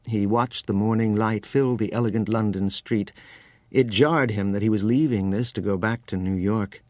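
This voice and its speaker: Male audiobook narrator, low voice, measured, dry close studio sound. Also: darkish tone, no echo. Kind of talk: scripted narration.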